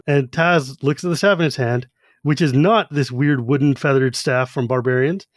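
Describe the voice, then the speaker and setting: A podcast co-host, animatedly retelling a novel and acting out its voices. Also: male voice, mid-range voice, normal speed, dry recording, clean studio sound. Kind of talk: casual chat.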